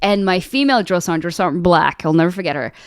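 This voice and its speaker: A woman army veteran telling stories in a casual chat, animated and swearing freely, acting out the people she quotes. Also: lowish voice, quick pace, smooth, no echo, studio quality. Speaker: podcast guest, veterans service officer.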